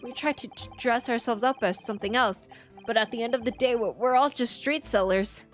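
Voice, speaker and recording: A woman's voice: fairly high pitch, brisk, soft background music, natural voice. A woman voicing a meek, stammering male street seller in a detective game. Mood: timid. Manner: stammering, self-deprecating.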